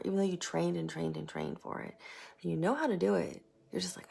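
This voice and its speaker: A woman giving a casual tarot reading, chatty and rambling, sometimes sinking into a soft whisper. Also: fairly low pitch, steady tone, a little fast, creaky, slightly rough. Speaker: tarot reader.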